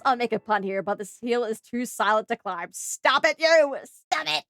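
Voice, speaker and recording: Young Australian woman streamer, excitable and chatty, high lively voice, dry close sound. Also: normal speed, dry recording, faint music behind. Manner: bubbly, excitable, gasps and squeals when greeting viewers. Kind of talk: live gaming stream chat.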